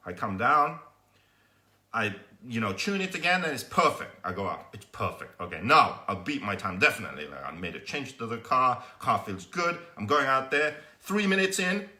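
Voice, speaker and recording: A young man hosting a live workshop stream, telling a story with lots of swearing and loudly acting out his frustration. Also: mid-range voice, big pitch swings, moderate pace. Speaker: host of a live workshop show.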